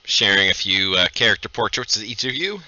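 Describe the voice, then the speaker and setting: A man running a tabletop game as game master, lively and laughing with his players. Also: lowish voice, brisk, dry recording, dull audio.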